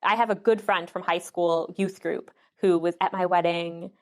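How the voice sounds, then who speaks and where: A woman's voice: lowish voice, fairly even intonation, moderate pace. A woman in her thirties, a guest in a casual interview, who talks chattily, laughs often and acts out what others said. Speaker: podcast guest.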